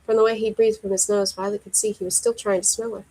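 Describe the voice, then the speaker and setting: Lady reading her own story out loud, even and steady, mid voice. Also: medium pitch, fast talker, low-quality recording. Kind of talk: reading a romance story aloud.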